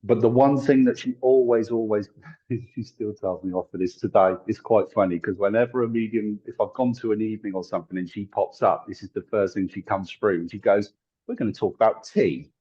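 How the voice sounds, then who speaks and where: A man's voice: on the low side, steady tone, a little fast, dark tone, breathy edge. A middle-aged man, a tarot reader and medium, telling chatty stories in an interview, laughing often and acting out the people he quotes. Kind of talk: casual storytelling in an interview. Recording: dull lo-fi sound.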